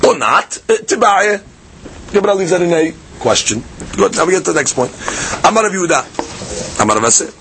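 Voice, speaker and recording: A man giving a daily Talmud lesson, explaining in a lively conversational way with many fillers and restarts. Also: on the high side, fairly quick, a little hiss or hum. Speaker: Talmud teacher.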